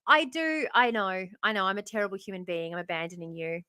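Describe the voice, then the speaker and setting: A woman's voice: mid-range voice, expressive, fast, few pauses, bright, forceful tone, clean tone, dry recording, clean studio sound. A woman, live streaming in casual chat, losing her voice, chatty and self-mocking, swearing freely. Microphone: phone.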